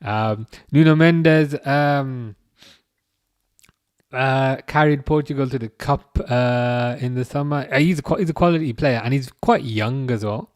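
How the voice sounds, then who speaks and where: A man in his thirties hosting a live football watchalong, chatting casually and reading out comments, with a halting, restarting way of talking. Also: mid-range voice, smooth, no room sound, studio quality. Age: 30s. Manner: halting, many restarts, chuckles often.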